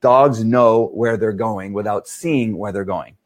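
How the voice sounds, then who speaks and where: A man's voice: lowish voice, a little slow. Rambling man, dog trainer. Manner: rambling, repeats "right?" often. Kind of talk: casual explanatory talk.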